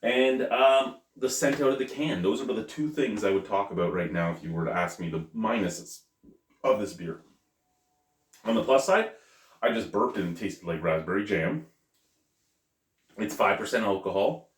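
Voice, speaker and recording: A man's voice: fairly low pitch, moderate pace, long pauses. A man casually reviewing a beer on camera, chatty and thinking aloud, correcting himself as he goes. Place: at home. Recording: roomy, mic at a distance.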